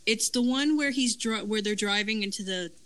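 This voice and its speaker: A woman's voice: medium pitch, normal speed, fairly bright tone, low-quality recording. A woman hosting a podcast, talking in a rambling, chatty way and often correcting herself. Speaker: podcast host. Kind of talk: casual review chat.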